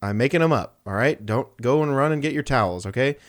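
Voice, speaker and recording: A young man co-hosting a casual podcast, with a smooth, clear voice. He jokes constantly, laughs a lot and spins silly hypothetical scenarios. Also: medium pitch, animated, fast. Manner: joking, laughs often, riffs on made-up scenarios. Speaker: podcast co-host. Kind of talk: casual chat.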